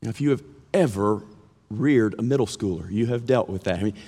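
A man preaching a sermon as a pastor, with earnest, drawn-out emphasis, sometimes mimicking whiny complaints. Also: lowish voice, warm tone, husky. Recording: long reverb of a large hall.

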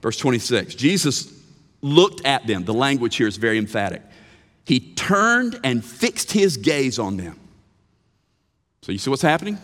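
A man preaching a sermon as pastor, animated, swinging from emphatic lines to hushed ones. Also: mid-range voice, measured pace, pauses often, in a large hall. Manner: animated preaching with sudden drops to a hush. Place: church sanctuary.

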